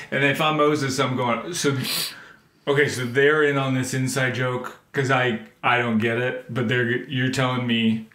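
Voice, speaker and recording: A man's voice: mid-range voice, steady tone, unhurried, pushed and bright. A man co-hosting a casual talk show, trading dry jokes and acting out silly scenarios. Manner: dry joking, acts out silly bits. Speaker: podcast co-host. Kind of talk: casual chat. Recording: echoey room with faint noise.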